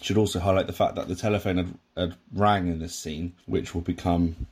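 A man with a very low voice talks through a sitcom episode. His commentary is casual and rambling, full of restarts and side remarks. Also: steady tone, fairly quick, a little mellow, slightly rough. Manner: rambling, with many restarts and asides. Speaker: podcast host reviewing a sitcom.

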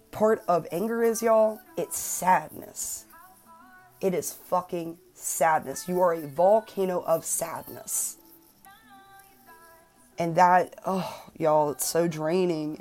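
A woman's voice: fairly low pitch, a little mellow. A woman in her twenties hosting a personal self-help podcast, talking earnestly and emphatically and swearing freely. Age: 20s. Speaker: podcast host.

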